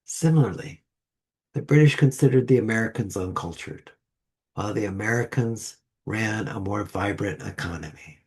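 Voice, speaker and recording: A man delivering a sermon to a congregation with a slow, measured delivery and deliberate pauses. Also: fairly low pitch, breathy edge. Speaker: lay speaker. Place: church sanctuary.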